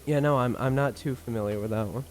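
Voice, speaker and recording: Young guy streamer joking around and reading chat out loud, faint music playing under him. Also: medium pitch, fast talker. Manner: reads viewer messages aloud and thanks them; playful, joking, laughs often. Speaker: livestreamer. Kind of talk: casual live-stream chat.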